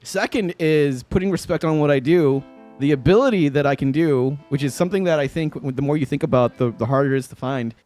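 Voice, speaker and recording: A young guitarist on a home livestream talks briskly in a fairly high, slightly mellow voice while soft music plays in the background. He chats loosely with viewers, relaxed, laughing often and swearing casually.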